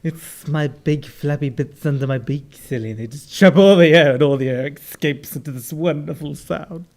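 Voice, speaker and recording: A man's voice: normal speed, creaky, a little mellow. A man voicing a fussy, lisping male turkey in an improvised comedy skit, squealing and theatrical. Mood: indignant. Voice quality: lisp. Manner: squealing, theatrical, high-pitched.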